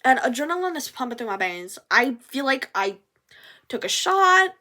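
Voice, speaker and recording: A young adult woman telling a story in a casual vlog, animated, swearing and acting out what people said. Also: sits high, moderate pace. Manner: animated, swears, acts out quotes.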